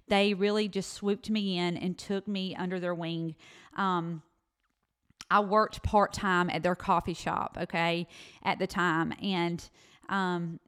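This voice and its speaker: Brief: Southern woman, thirties, chatty podcast testimony, smooth clear tone, mid pitch. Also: a bit bright. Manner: chatty, addresses listeners as y'all. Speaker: podcast co-host. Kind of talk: personal faith testimony storytelling.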